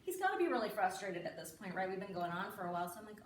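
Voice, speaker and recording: A woman's voice: medium pitch, sing-song, rapid-fire, slight background noise. A middle-aged woman performing a stand-up comedy set on a live stage, chatty and confiding, often tagging her lines with "right?". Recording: roomy sound from a distance.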